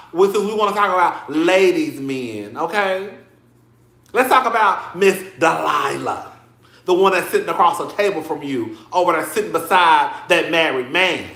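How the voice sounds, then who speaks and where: A man's voice: sits high, bright, forceful tone, roomy sound. A man casually commenting on a reality show, sassy and dramatic, laughing often and calling his listeners girl.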